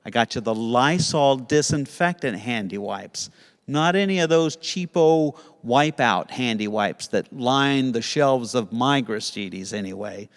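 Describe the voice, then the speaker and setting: A man teaching Sunday school to kids, telling a story in a playful, animated way. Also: medium pitch, unhurried, big-room sound. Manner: playful, animated storytelling with put-on character voices.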